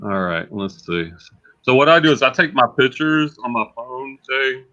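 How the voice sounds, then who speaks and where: A man who hosts livestreams and resells goods chats casually in a mid-range voice, pushed and bright, at a moderate pace. He repeats words as he thinks aloud, and the sound is slightly dull and lo-fi.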